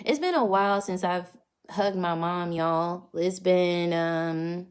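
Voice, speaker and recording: A woman's voice: fairly low pitch, slow pace, darkish tone. A young woman from North Carolina, chatting casually on a phone livestream at home and laughing often. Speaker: vlogger answering live comments. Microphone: phone front camera.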